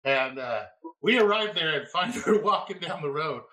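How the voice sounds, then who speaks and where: A man spins a raucous work story in casual chat. His voice is bright and high, swinging up and down in pitch. He laughs often and shouts the quoted lines. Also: lively intonation, moderate pace, poor audio. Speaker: podcast host; former EMT.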